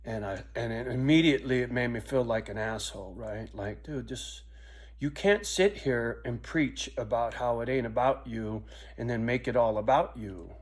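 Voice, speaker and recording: A man's voice: mid-range voice, moderate pace. A middle-aged man talking alone to his camera in a casual vlog, rambling, swearing freely and often tagging "right?" onto his lines. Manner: profane, rambling, self-reflective, often ending lines with a muttered "right?". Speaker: vlogger.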